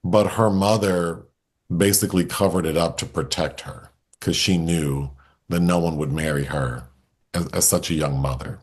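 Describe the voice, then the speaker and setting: A man with a very low voice co-hosts a film review podcast. He recounts the plot step by step in an easy, conversational way. His voice sits deep throughout. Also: steady tone, normal speed, husky.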